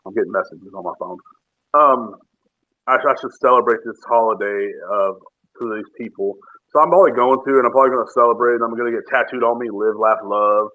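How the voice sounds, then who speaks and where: Dude ranting fast on his podcast, cussing and joking around, tinny phone-line audio. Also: mid-range voice. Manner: profane, joking, rambling rant. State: drinking bourbon while talking. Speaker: podcast host. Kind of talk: casual ranting monologue.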